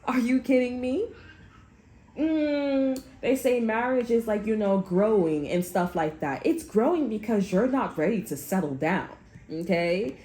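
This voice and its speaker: A woman's voice: medium pitch, a little mellow. A woman giving a casual tarot reading to her viewers, talking bluntly and swearing often, and checking in with "okay?" again and again. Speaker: tarot reader.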